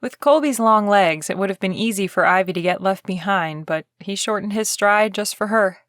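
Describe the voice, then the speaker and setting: Audiobook narrator: woman, mid-pitched, steady storyteller, dry booth sound. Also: moderate pace, dry recording.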